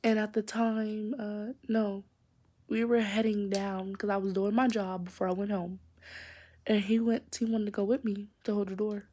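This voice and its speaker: Teen girl vlogger, casual storytime delivery, mellow tone, slips into whispers. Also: medium pitch, level tone, normal speed. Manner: chatty, rambling, drops into whispers for secrets.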